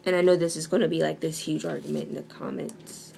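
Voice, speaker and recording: A woman's voice: low voice, fairly even intonation, quick pace, gravelly, warm tone, slight background noise. A young woman talking in a casual video monologue at home, sarcastic and hesitant with many ums. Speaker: vlogger.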